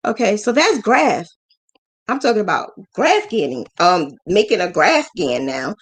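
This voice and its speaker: A woman hosting a live business mentoring stream, frank and emotional, acting out quoted voices with big jumps in pitch. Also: sing-song, a little slow, slightly rough. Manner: frank, emotional, scolding yet affectionate. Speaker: business mentor and crochet channel host.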